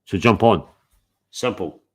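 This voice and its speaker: Male live-stream host, somewhat low pitch, blunt and confrontational, heavy swearing. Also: slow pace. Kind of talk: heated live stream chat.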